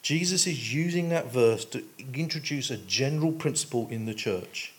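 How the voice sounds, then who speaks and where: A man gives a sermon as a pastor. He talks in a relaxed, conversational way and leans on homely everyday examples to make his points. His voice sits at a middle pitch. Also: normal speed.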